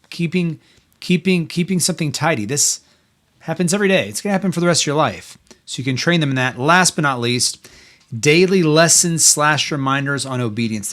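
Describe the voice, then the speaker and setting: A man's voice: a little high, a bit bright. Earnest, encouraging middle-aged man. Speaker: podcast host. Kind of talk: faith-based parenting talk.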